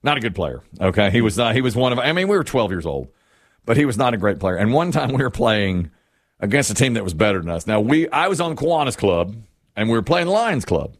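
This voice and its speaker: A man hosting a casual sports talk show, telling stories in an animated way and laughing as he goes. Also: on the low side, fairly quick, no room sound, studio quality. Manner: animated storyteller, laughs, mimics others.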